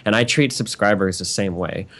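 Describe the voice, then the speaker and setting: Lower-voiced man explaining methodically. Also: moderate pace, a bit bright. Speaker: podcast guest, streamer. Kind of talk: casual chat.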